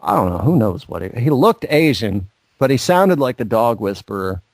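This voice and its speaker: A man's voice: mid-range voice, very animated, normal speed, no room sound. A man co-hosting a podcast in casual chat, telling rambling stories and swearing freely. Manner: profane, rambling storytelling. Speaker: podcast co-host. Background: faint music.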